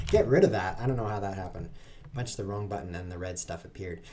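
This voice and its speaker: A man with a deep, mellow voice talks fast while streaming online chess, with a little hiss or hum in the recording. He gives live commentary as he plays, chatting with viewers in a playful, self-mocking way.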